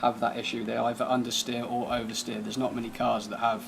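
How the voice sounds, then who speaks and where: Guy reviewing a game car, gravelly low-key voice, kinda monotone, noisy recording. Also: fairly quick. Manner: laid-back, thinking aloud while driving. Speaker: gaming channel host. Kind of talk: casual gameplay commentary.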